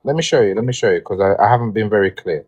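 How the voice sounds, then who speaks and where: A man's voice: fairly low pitch, very fast, darkish tone, muffled recording. A man with an English accent hosting a game on a livestream, polite and hesitant, with fillers and restarts. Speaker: game host.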